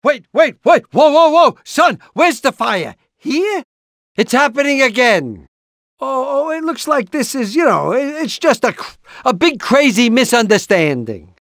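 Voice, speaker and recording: A man's voice: very high voice, sing-song, a little slow, fairly bright tone, dry recording, studio quality, exaggerated voice. An older actor voicing a nervous, fussy rooster father in a cartoon video game, stammering and shrieking when scared. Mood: panicky. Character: nervous, fussy rooster dad, easily panicked.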